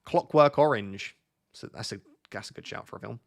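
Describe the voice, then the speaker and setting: A man's voice: fairly low pitch, moderate pace, creaky. A young man, chatting casually with viewers on a live stream, joking and thinking aloud as he reads their comments.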